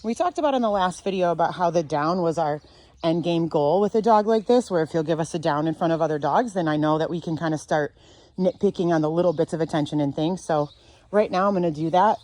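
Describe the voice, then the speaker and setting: A woman dog trainer teaching outdoors, calm and sure as she explains leash handling. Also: low voice, quick pace. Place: outdoors near a fenced dog area.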